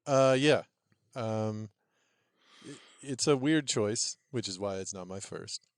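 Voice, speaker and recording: A man co-hosting a podcast in casual, comedic chat, laughing often and riffing in quick asides. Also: on the low side, lively intonation, no room sound, clean studio sound. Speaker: podcast co-host.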